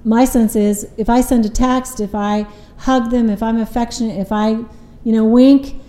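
A woman's voice: a little high, steady tone, moderate pace, dark tone, echoey room, low-quality recording. A woman couples therapist explaining relationship patterns in an earnest, conversational way, often retelling what her clients said.

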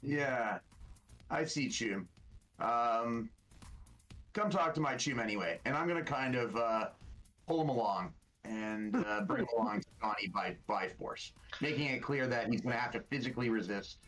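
A man's voice: medium pitch, expressive, moderate pace, a bit bright, soft background music, poor audio. A man taking part as a player in a tabletop game, speaking hesitantly with many fillers. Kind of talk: in-character tabletop play.

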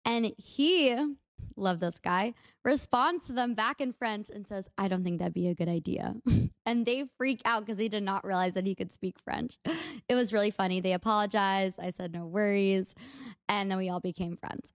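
A woman's voice: mid-range voice, normal speed, dry recording, clean studio sound. A young American woman hosting a podcast, telling a story in a chatty, upbeat way with lots of "like". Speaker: podcast host. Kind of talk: casual storytelling monologue.

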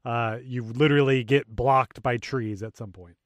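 A man co-hosting a casual podcast about a video game, retelling scenes with a laugh and quick voiced asides. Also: medium pitch, no room sound. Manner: laughing, animated retelling with put-on character voices. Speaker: podcast co-host.

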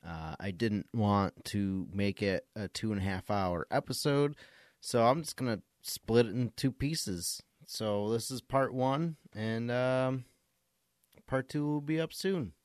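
A man's voice: medium pitch, slow, no echo, studio quality. A man hosting a casual podcast, trading jokes and tangents with his co-hosts and laughing often. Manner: jokey, laughing, wanders between tangents. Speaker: podcast host.

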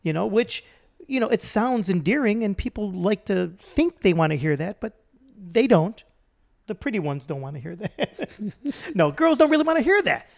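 A man co-hosting a casual podcast, with a high voice and a gravelly fry in it. He rambles through a story with halting restarts. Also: sing-song. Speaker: podcast co-host.

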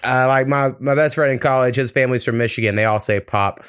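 A man's voice: medium pitch, fast, fairly bright tone, smooth, no room sound, clean studio sound. A man hosting a podcast in a loose, laid-back way, swearing often. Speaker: podcast host. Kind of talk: casual podcast chat.

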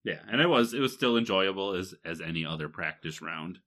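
This podcast co-host from Michigan, USA chats casually and rambles, with plenty of fillers and laughs. He has a deep, slightly bright voice with lively intonation, and his delivery is a little fast.

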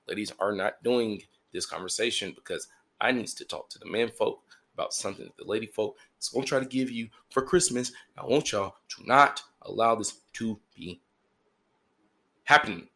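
Gravelly low-voiced man hosting a podcast. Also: a bit bright. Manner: joking, repetitive, crude, playful asides. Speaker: podcast host. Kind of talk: crude comedic monologue.

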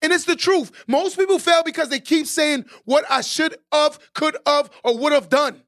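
A podcast host with a very high-pitched voice speaks at a moderate pace, delivering an emphatic, preachy motivational monologue. He repeats key lines and builds up to shouted exhortations.

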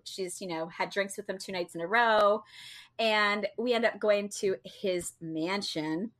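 A woman's voice: mid-range voice, measured pace, fairly bright tone. A woman telling a long story in casual chat, chatty and full of fillers and restarts. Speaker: co-host telling a travel story.

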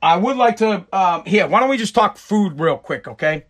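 A man's voice: sits high, animated, moderate pace. A man with a Massachusetts accent hosting a show, ranting bluntly and with lots of profanity in casual commentary. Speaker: podcast host.

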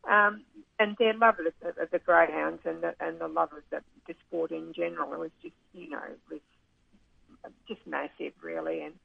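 A woman's voice: deep voice, steady tone, moderate pace, creaky, no echo. A woman, a racing club manager interviewed by phone, talking fondly with many hesitations and restarts. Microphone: telephone. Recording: tinny phone line.

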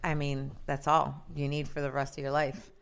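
A woman's voice: rumbling low, monotone, normal speed, creaky, clear, resonant tone. A woman who works in radio, co-hosting a podcast in a playful, bubbly casual chat. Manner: playful, bubbly, laughs often. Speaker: radio personality, podcast co-host.

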